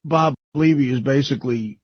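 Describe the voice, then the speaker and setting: A man's voice: mid-range voice, moderate pace. A man on a radio show delivering a profane, mocking comedic rant full of rambling lists, on a dull lo-fi radio recording.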